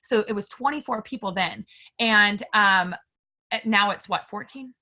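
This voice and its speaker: Bright, animated woman telling her story. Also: medium pitch, a little slow. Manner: animated and emphatic, filler-heavy; candid, addresses listeners directly. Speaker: interview guest. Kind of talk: casual personal storytelling.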